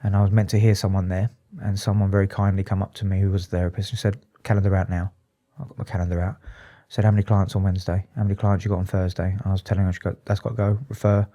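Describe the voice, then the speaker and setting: A man, a psychotherapist, talking candidly and emotionally in an interview, halting and restarting often. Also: sits low, level tone, dark tone, lo-fi sound. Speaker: psychotherapist and addiction specialist, guest.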